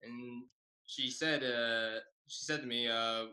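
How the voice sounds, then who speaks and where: A man's voice: mid-range voice, steady tone, slow pace, bright, forceful tone, low-quality recording. A man comedian telling a rambling story over a video call, with lots of fillers.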